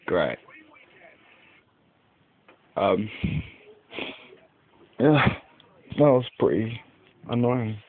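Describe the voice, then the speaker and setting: A man's voice: fairly low pitch, big pitch swings, drawn-out words, long pauses, slight background noise. A young man, rambling casually to the camera at home, full of "like" and swearing. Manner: rambling, heavy use of "like", lots of swearing. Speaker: vlogger. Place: indoors at home by a window. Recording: tinny lo-fi webcam audio.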